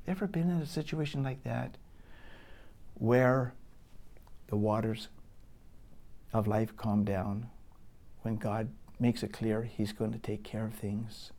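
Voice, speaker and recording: A middle-aged pastor preaching a sermon, building to loud emphatic peaks and dropping to hushed, near-whispered lines. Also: male voice, medium pitch, unhurried, long pauses.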